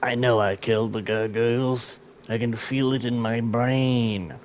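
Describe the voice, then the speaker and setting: A man's voice: medium pitch, fairly even intonation, measured pace, a little hiss or hum. A man who has just woken up, chatting through his gameplay in a rambling, self-mocking way. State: sleepy, just woke up. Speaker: gameplay video host. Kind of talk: casual let's-play commentary.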